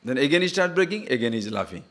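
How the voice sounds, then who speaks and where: A man's voice: mid-range voice, big pitch swings, racing, fairly bright tone. A man, a spiritual teacher, giving a discourse. He tells stories with chuckles and asks his listeners questions. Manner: storytelling, chuckling, rhetorical questions.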